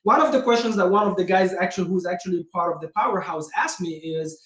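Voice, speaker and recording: A high-voiced man, a real estate investor and channel host, delivers an upbeat investor pep talk in casual vlog style at a quick pace. He's energetic and direct, calling his viewers "guys" over and over, and the audio from his indoor room with a homemade backdrop sounds roomy.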